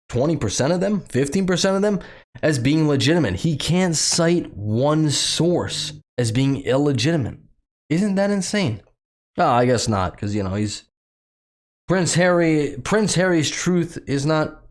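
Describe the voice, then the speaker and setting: A man's voice: a little high, darkish tone. A man from the United States reading news excerpts aloud and mocking them in a sarcastic, opinionated commentary. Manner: sarcastic, mocking, laughs at the story; reads news excerpts aloud between his own remarks. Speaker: commentary channel host.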